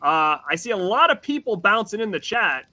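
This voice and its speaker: A man with a high, lively voice hosts a live stream. His tone is bright and forceful. He sounds excitable, swinging his pitch widely as he fires off shout-outs to the chat. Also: normal speed. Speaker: host. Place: outdoors at night.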